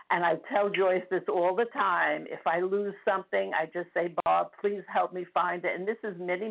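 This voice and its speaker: An older woman calling in to a radio show, speaking emotionally with halting restarts, heard over the phone. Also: on the low side, vocal fry. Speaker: caller. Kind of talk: phone-in call. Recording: tinny phone line.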